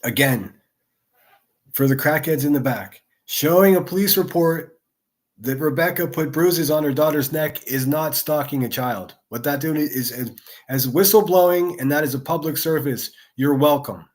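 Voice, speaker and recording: A man's voice: on the high side, moderate pace. Crude, mocking male commentary streamer. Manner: crude, mocking, swears constantly. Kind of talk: angry reaction commentary.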